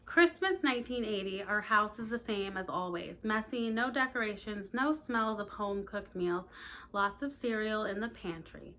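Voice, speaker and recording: Teacher reads a novel aloud at home, bright voice, casual asides, light room noise. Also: female voice, medium pitch, moderate pace. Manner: plain reading voice, chatty asides to listeners.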